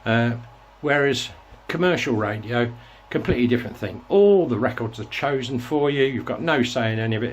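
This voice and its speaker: A man in his sixties sits and reminisces for his own show, his voice mid-pitched and ordinary. He tells his story in a loose, reflective ramble, circling back and restarting his sentences as he goes. A faint hum of background noise sits under his talk. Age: 60s. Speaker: host. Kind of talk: casual reminiscing monologue.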